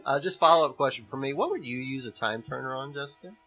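A man from Missouri, USA co-hosts a podcast, chatting casually and joking around with playful teasing. His mid-range voice is fast, fairly bright, and husky, over soft background music in a rough recording.

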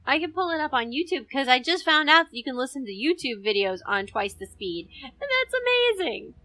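A woman's voice: high-pitched, very animated, brisk, bright, forceful tone. A woman co-hosting a podcast, chatting casually and laughing easily. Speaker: podcast co-host. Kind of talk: casual chat.

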